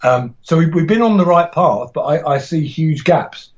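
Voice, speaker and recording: A man's voice: fairly high pitch, lively intonation, normal speed, darkish tone, muffled recording. A man talking casually as a podcast guest about teaching martial arts, rambling and enthusiastic, with frequent restarts and laughs.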